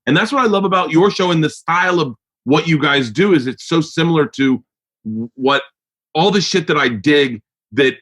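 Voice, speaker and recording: A man hosting a podcast in casual chat, talking in a rambling, excitable way and swearing freely. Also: a little high, moderate pace. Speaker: podcast host.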